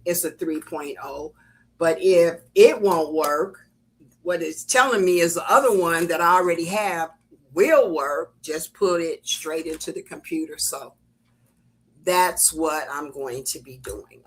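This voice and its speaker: An older woman hosting a crafting live stream, chatting casually and rambling with lots of ums and uhs. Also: deep voice. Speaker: crafting channel host. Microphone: computer webcam setup.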